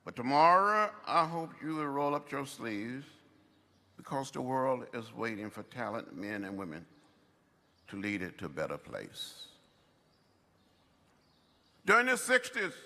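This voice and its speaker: A man's voice: medium pitch, sing-song, normal speed, bright, forceful tone. A man in his seventies giving a commencement address in impassioned, preacher-like oratory, speaking in short repeated phrases. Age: 70s. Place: large outdoor ceremony over loudspeakers. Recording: long reverb from a public address system.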